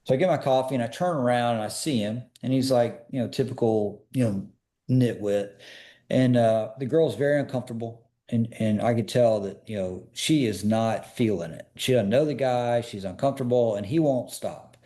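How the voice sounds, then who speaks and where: This podcast guest, a personal security expert, tells stories in a relaxed interview with a warm, mid-range voice at normal speed. His delivery is earnest and emphatic, pushing listeners with question after question.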